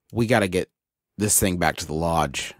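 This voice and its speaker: A man playing a tabletop game in casual, lively role-play. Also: deep voice, dry recording, clean studio sound. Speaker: player.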